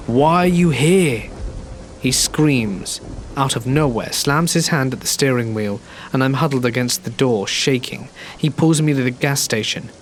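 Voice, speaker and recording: A man narrating a horror story in a calm, measured, scripted reading. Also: mid-range voice, slight background noise. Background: gentle rain.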